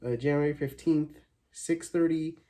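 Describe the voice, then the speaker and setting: A man from Arizona, USA, with a fairly high, warm voice and fairly even intonation, speaks unhurriedly. Hosting his own channel, he records a casual thank-you vlog, chatting upbeat and rambling with lots of fillers and restarts.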